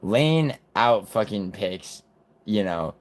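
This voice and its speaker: A man with a very low voice talks through a live reaction stream. He is blunt, scornful and full of swearing, and he rambles between points. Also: lively intonation, takes it slowly. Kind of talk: casual live-stream commentary.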